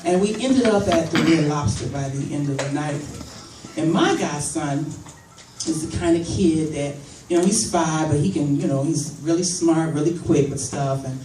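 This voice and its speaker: A woman's voice: low-pitched, moderate pace. Woman telling stand-up stories. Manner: animated, acts out dialogue, laughs often. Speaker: stand-up comedian. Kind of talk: stand-up comedy storytelling. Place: event room at a fundraiser. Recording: echoey room, mic from far, noisy.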